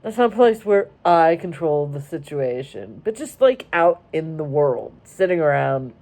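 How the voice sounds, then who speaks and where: Young florida woman rambling wryly into the camera in her car, unhurried, on the lower side. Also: sing-song, darkish tone. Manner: rambling, self-interrupting, wry. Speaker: vlogger. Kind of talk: casual storytelling.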